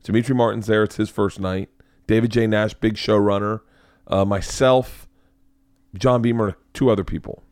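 Recorded in a clean studio with no echo, a man with a lowish, slightly mellow voice speaks at a moderate pace with fairly even intonation. He's a podcast host and comedian telling a rambling story in casual chat, laughing and cursing often.

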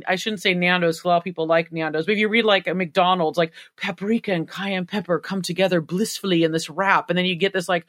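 Bright, chatty Californian woman. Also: lowish voice, fairly even intonation. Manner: chatty, jokey, laughs often, quick asides. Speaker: podcast co-host. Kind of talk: casual music chat.

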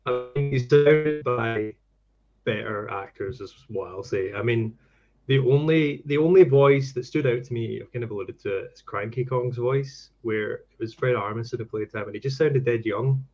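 A man's voice: medium pitch, moderate pace, a little mellow, faint music behind. A man co-hosting a casual podcast chat, opinionated and full of fillers. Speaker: podcast co-host. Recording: dull lo-fi mic.

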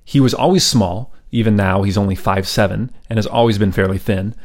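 A man's voice: on the low side, a little fast, a little mellow. A man hosting a history podcast, telling the story in a casual, conversational way with frequent ums and side remarks.

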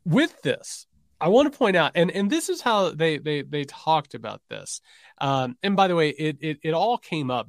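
A man's voice: mid-range voice, no room sound, clean studio sound. A man co-hosting a political podcast, reading quotes aloud with sarcastic, mocking emphasis. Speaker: podcast co-host.

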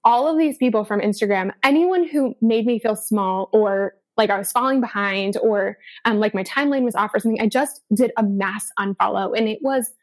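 With a medium-pitched voice, a Denver-based author talks fairly quickly and barely pauses as she tells her story on a podcast. Her casual, chatty delivery is packed with fillers like "um" and "like."

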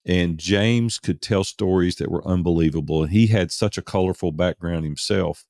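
A man's voice: low-pitched, normal speed, darkish tone, no echo, studio quality. A middle-aged man, a podcast guest, telling a candid personal story in an earnest, conversational way and repeating words for emphasis.

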